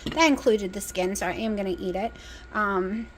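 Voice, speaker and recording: A woman's voice: medium pitch, moderate pace, a little hiss or hum, rough recording. A woman with a Southern US country accent, chatting casually and rambling as she cooks, sounding exhausted. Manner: chatty, rambling, talks with mouth full at times. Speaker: cooking vlogger. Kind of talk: casual chat while cooking. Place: home kitchen, indoors. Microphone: phone.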